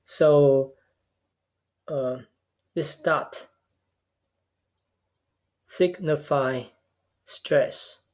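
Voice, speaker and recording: A man giving a recorded linguistics lecture, explaining step by step in a measured way and often repeating words as he goes. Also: a little high, a little mellow. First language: a tonal language.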